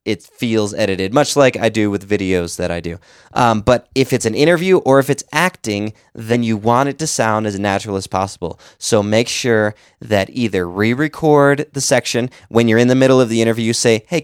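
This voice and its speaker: Smooth and medium-pitched, a man's voice offers conversational tips on editing as a podcast host, illustrating with examples in a casual instructional way. The recording is dry and studio-clean.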